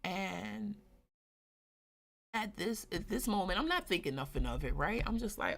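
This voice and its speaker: A woman's voice: mid-range voice, moderate pace. A woman in her forties hosting a live stream, telling a personal story in a candid, slang-heavy, blunt way and talking straight to her listeners. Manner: animated, addresses listeners directly. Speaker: host.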